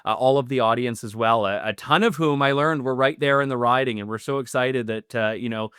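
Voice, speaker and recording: Earnest man with a smooth voice. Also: medium pitch, brisk, fairly bright tone, no room sound, clean studio sound. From Canada. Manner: earnest, with many restarts and fillers. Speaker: political guest, newly elected MP. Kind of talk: interview answers.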